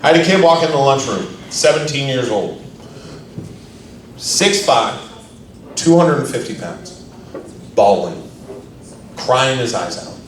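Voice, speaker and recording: A male stand-up comedian tells his stories in a dry, deadpan way. His voice sits at an ordinary middle pitch and is heard from some distance off the mic. The live club around him rings with a very strong echo and a lot of background noise. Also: a little slow, pauses often. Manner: deadpan storytelling, sudden shouted outbursts.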